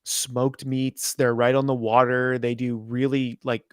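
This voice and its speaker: A man's voice: mid-range voice, little pitch movement, unhurried, clear, resonant tone, dry recording, clean studio sound. A man co-hosting a podcast in casual chat, teasing and laid-back. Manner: teasing, laid-back, says dude and bro. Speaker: podcast co-host.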